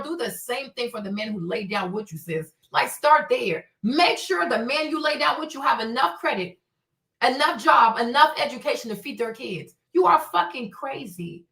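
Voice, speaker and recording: Heated high-voiced woman ranting. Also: bright, forceful tone. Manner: heated, profane, emphatic. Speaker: livestream host. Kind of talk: livestream commentary rant. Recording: echoey room, distant mic.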